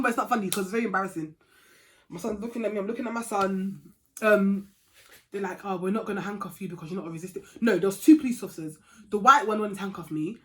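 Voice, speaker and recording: A young woman telling a storytime vlog story in a chatty, animated way, dropping to a hush and rising to heated outbursts. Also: mid-range voice, slight background noise. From England. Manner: chatty and animated, swings from hushed to loud and heated. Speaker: vlogger.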